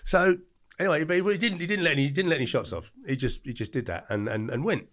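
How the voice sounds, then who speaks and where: Older guy on a podcast, talks fast, blunt slangy yarns, keeps correcting himself. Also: mid-range voice, a bit bright. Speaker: podcast guest. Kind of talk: casual storytelling.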